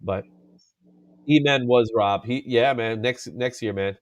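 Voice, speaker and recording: A man hosting a casual comic book chat, animated and laughing often, drawing out his exclamations. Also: medium pitch, unhurried, no echo. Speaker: comic book show host.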